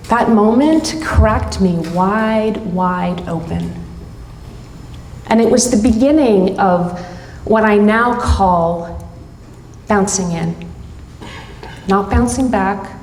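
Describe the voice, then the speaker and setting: A middle-aged woman telling a personal story live on stage, with dramatic pauses between short phrases. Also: mid-range voice, a little mellow, slight background noise. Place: stage at a live event hall. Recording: roomy hall reverb.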